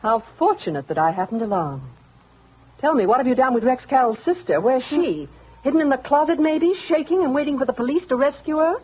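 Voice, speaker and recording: A jealous rival woman who mocks and accuses with a sarcastic drawl for an old radio play. Her voice swoops up and down with lively pitch and a husky edge. It comes through a dull, lo-fi vintage radio recording. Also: a little fast. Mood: taunting. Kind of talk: 1940s radio drama acting.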